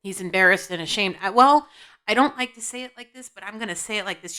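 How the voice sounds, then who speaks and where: Talking fast in a bright, forceful, clear and resonant voice of medium pitch, this woman gives a tarot-style intuitive reading to camera indoors at home. She scolds bluntly and answers her own questions to her guides.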